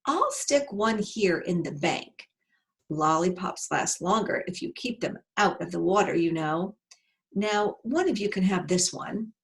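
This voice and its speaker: A woman voicing a resourceful young boy adventurer in a storybook reading, calm and politely coaxing. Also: on the low side, a little slow.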